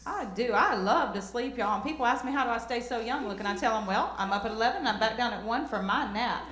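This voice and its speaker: A woman's voice: fairly high pitch, fast. Southern woman doing stand-up in a roomy club. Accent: Southern American. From rural American South. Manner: drawling, self-deprecating, talks back to the crowd. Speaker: stand-up comedian. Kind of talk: stand-up comedy set. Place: comedy club stage.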